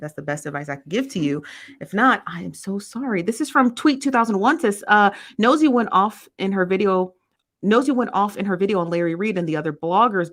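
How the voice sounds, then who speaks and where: A woman's voice: fairly low pitch, a bit bright. A woman hosting a casual live stream, reading viewer comments aloud and answering them. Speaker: host reading live chat.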